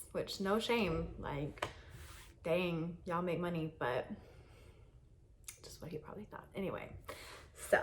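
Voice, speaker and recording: A woman's voice: fairly low pitch, slight background noise. A young woman vlogger chatting candidly to a camera on a tripod in a carpeted guest room, rambling with many fillers and laughs. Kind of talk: casual chat to camera.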